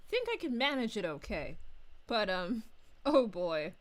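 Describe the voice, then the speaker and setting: This VTuber streamer plays a giggly, bubbly young princess while talking with viewers in character on her livestream. She speaks unhurriedly at medium pitch, her voice swinging widely up and down.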